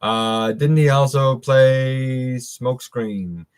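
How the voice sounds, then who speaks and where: A man's voice: mid-range voice, takes it slowly, smooth. A middle-aged man hosts a live stream in an easy, conversational way. He greets viewers and reads their comments aloud as he goes. He rambles, with plenty of fillers and false starts. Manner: rambling, many fillers and restarts.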